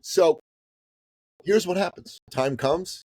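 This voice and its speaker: A man in his fifties from the Middle East, a business coach telling a story as a podcast guest in a casual, animated way that swings between loud and hushed. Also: sits high, takes it slowly, slightly rough, no room sound, rough recording. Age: 50s.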